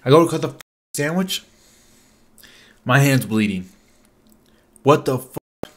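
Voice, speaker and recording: A man's voice: medium pitch, animated, takes it slowly. A young adult man telling a casual storytime vlog, rambling and profane, with lots of "like" fillers. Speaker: vlogger.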